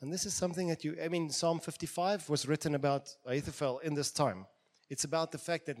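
Dramatic preacher man, higher-pitched voice. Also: fairly even intonation, fairly quick. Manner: dramatic, acts out quoted voices, shifts from quiet to loud. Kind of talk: sermon.

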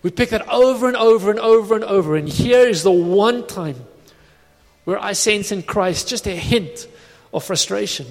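A man's voice: sits high, normal speed. A man preaching a sermon in a conversational, reflective way, recorded in a church hall. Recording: long hall reverb.

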